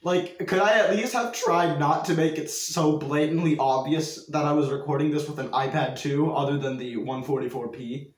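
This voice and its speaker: A man's voice: a little high, moderate pace, echoey room. A young man giving reaction commentary on his own old video, mocking himself and laughing at it. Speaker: YouTuber.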